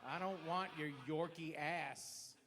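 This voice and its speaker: A man's voice: on the high side, fairly even intonation, slow pace, fairly bright tone, slight background noise. A man doing stand-up on a comedy club stage, ranting bluntly and crudely with stammers.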